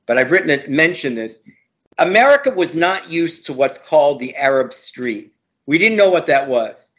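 High-voiced emphatic man, lo-fi audio. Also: big pitch swings, normal speed. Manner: emphatic, repeats words for stress. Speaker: law professor guest. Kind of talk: opinionated interview talk. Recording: dull lo-fi audio.

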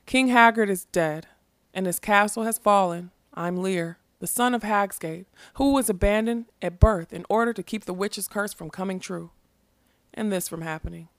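A woman voicing a grim young king who speaks firmly and gravely. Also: medium pitch, normal speed, no room sound, clean studio sound, close to an everyday voice. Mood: stern. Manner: firm, grave.

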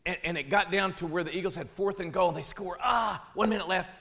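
A man, a pastor telling a funny personal story in a sermon, animated and jokey, dropping low then shouting. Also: quick pace, gravelly.

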